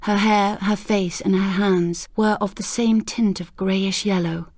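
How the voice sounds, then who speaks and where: A woman narrating a ghost story audiobook in a measured, unhurried way. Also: mid-range voice, steady tone, darkish tone, no room sound, studio quality.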